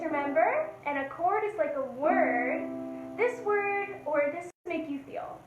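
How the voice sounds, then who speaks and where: Upbeat high-voiced woman teaching kids music. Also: expressive, a little slow, lo-fi sound. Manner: upbeat, encouraging, sings and chants along. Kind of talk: kids' music lesson with sing-along. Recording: echoey room with instrument. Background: instrument played.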